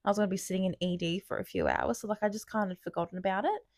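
A woman's voice: mid-range voice, steady tone, racing, darkish tone, no room sound, clean studio sound. A young woman co-hosting a podcast, chatting casually, swearing often and laughing through her own stories. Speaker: podcast co-host. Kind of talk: casual chat.

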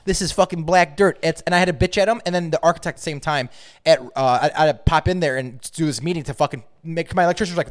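A young man co-hosting a casual chat who tells a ranting work story, swearing heavily as he goes. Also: on the high side. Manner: heavy swearing, ranting, fast. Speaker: podcast co-host, trades contractor.

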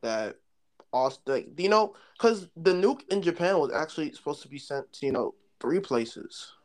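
Brief: young male co-host, fairly high, very expressive pitch, deadpan humor. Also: moderate pace. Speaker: podcast co-host. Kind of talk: casual podcast banter.

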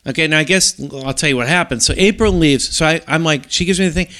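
A middle-aged man with a slightly higher-than-usual voice tells a story on a casual podcast. He rambles and restarts his sentences often, getting animated as the story builds. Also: fast talker. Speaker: podcast co-host.

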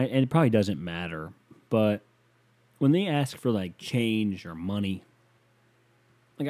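Young guy rambling on his bedroom podcast, cusses a lot, lowish mellow voice. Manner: rambling, profane, self-mocking. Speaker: podcast host. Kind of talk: casual solo podcast monologue.

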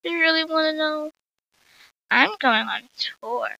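Woman reading evasive female teacher, secret singer, storybook voice, bright, lo-fi. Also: sits high, slow pace, creaky, voice pushed up, exaggerated voice. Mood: cagey. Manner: nervous, cagey, then eager.

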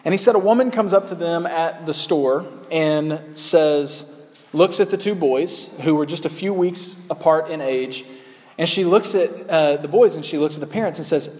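A man's voice: on the high side, normal speed, a little mellow, big-room sound. A man preaching a sermon in a conversational way, with frequent ums and uhs. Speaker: pastor.

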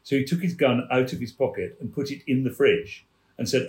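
Man telling lively anecdotes. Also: medium pitch, a little fast, roomy sound. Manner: animated storyteller, laughing mid-story. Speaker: theatre producer guest. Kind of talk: telling anecdotes on a radio chat show.

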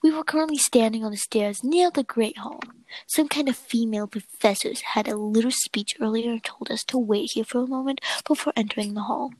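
A woman's voice: fairly high pitch, a little fast, a little mellow, no echo, rough recording. Woman whispering a story reading. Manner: whispering narration. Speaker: reader. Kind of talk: reading fan fiction aloud, mostly whispered.

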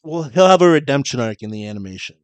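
A man's voice: medium pitch, fast talker, no room sound. A man co-hosting a casual podcast, telling stories with frequent laughter. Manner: animated storyteller, laughing often. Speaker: podcast co-host.

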